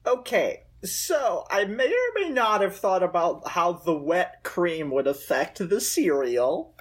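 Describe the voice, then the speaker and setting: Slow, husky man pitching with mock seriousness. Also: big pitch swings. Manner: mock sales pitch, hesitant with ums. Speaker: podcast co-host. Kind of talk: comedic podcast banter.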